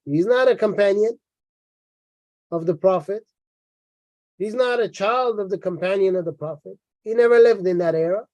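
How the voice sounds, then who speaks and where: A man with a high yet mellow voice delivers sarcastic, mocking commentary on a book, repeating himself and dropping asides. He sounds tired. The recording is dry, with no room echo. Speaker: religious critic reading and commenting on a book. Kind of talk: sarcastic lecture-style commentary.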